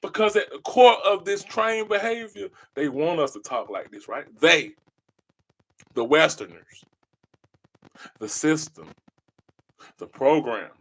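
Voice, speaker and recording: A man with a notably high voice holds forth in a passionate podcast monologue. He preaches emphatically and circles back to the same phrases again and again, pressing each point home. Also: expressive, a little slow, pauses often, fairly bright tone. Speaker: podcast host.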